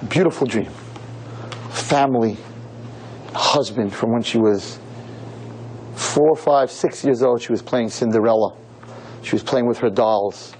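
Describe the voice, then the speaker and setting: A rabbi preaching a sermon to young women, telling a story dramatically and rising to shouts. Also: male voice, medium pitch, a little slow, long pauses, a little hiss or hum, rough recording. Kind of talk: sermon to girls.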